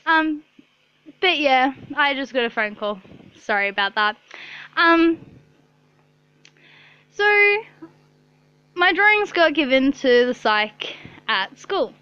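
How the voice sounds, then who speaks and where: A woman's voice: sits high, animated, slow, pauses often, dry recording, lo-fi sound. A young woman telling a rambling story to her camera in her bedroom, swearing often and saying "like" a lot. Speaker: vlogger. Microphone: own camera.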